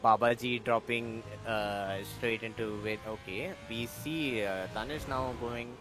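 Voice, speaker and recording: A man's voice: medium pitch, unhurried, hardly any pauses, fairly bright tone, soft background music. A man co-commentating a sim race, chatty and hesitant with many fillers. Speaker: co-commentator and racer.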